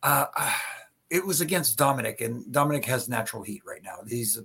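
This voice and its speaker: Gravelly husky middle-aged man telling stories. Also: mid-range voice, lively intonation, brisk, pushed and bright. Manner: chatty storyteller with frequent stammered restarts and laughter. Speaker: former wrestling referee, podcast panelist. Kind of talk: casual podcast chat, anecdotes.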